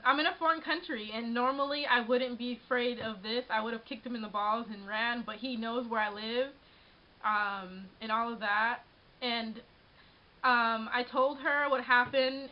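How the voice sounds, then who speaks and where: Rambling young woman, lo-fi webcam sound. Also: fairly high pitch. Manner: rambling, frequent restarts and "like", shaken but laughing. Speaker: vlogger. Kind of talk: casual vlog storytelling. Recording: dull lo-fi webcam audio.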